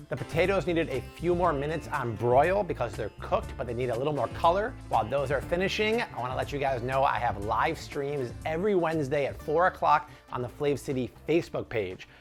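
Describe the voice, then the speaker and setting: A man hosting a cooking tutorial in his kitchen, talking to viewers in an enthusiastic, chatty way. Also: on the high side. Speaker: cooking show host. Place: home kitchen at the stove.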